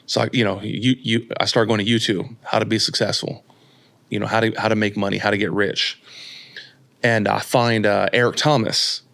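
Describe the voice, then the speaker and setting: A man in his late thirties, a guest on a podcast, tells his story in a casual, slangy, animated style, acting out the people he quotes. His voice is fairly low and creaky, at a moderate pace.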